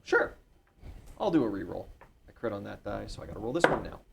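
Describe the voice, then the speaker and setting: A man playing a tabletop game, relaxed and casual, counting out dice rolls aloud. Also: on the low side, fairly quick, vocal fry, background noise. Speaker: player.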